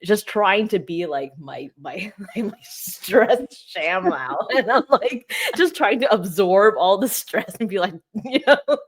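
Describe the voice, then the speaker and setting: A woman's voice: medium pitch, animated, takes it slowly, breathy edge. A woman co-hosting a podcast, chatting casually and laughing easily. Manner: laughing, loose and conversational. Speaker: podcast co-host. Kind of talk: casual chat.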